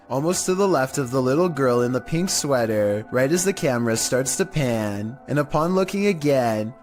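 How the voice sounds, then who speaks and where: Male narrator, flat monotone read, mid pitch, faint music beneath, scripted countdown voice. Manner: monotone delivery. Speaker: narrator of creepy video countdowns.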